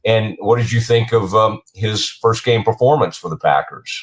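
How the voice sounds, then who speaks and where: A man hosting a casual sports talk show, his voice sitting somewhat low. He rambles as he asks questions, often stopping and restarting his sentences. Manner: rambling, halting, many restarts. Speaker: show host.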